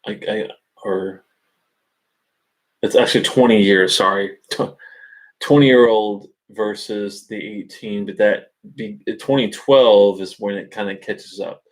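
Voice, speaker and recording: Man, low voice, casual webcam stream host, halting and thinking aloud. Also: steady tone. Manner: halting, thinking aloud with many fillers and restarts. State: hiccups. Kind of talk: casual live-stream chat.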